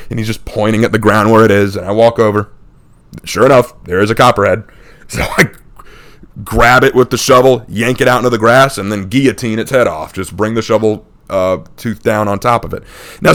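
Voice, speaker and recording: A man's voice: fairly low pitch, fairly bright tone. A man from the United States telling a funny childhood story on his channel and laughing often. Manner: acts out people in the story with quick impressions. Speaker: channel host. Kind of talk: casual storytelling.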